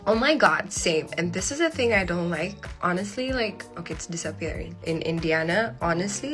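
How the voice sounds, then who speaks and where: A woman's voice: fairly low pitch, lively intonation, moderate pace, hardly any pauses, over music. A young woman from Kenya and Sudan chatting casually to viewers and reading out comments. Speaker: vlogger and podcast host.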